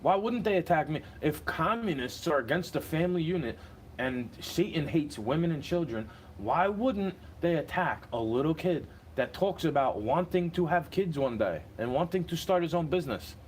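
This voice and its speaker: A man's voice: fairly high pitch, animated, slight background noise. A young man ranting in a casual, profane, rambling monologue while sitting in a car. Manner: agitated, profane, rambling and rapid-fire.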